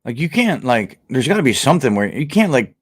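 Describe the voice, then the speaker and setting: A man's voice: mid-range voice, sing-song, a little fast, breathy edge. Blunt, profane man chatting live. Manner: blunt and profane, many fillers and restarts; indignant, rising into outrage. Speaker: livestream host. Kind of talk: casual live chat with viewers.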